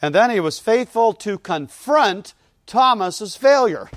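A man's voice: high voice, lively intonation, a little slow, dry recording. Earnest man preaching, dry close sound. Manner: earnest preaching that rises in emphasis, with repeated phrases. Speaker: pastor. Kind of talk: sermon. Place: church.

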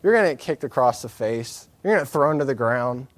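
A man's voice: medium pitch, animated, brisk, no room sound. Earnest male preacher in a dry room. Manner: earnest and candid, with emphatic repetition; self-deprecating asides with light laughter. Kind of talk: sermon.

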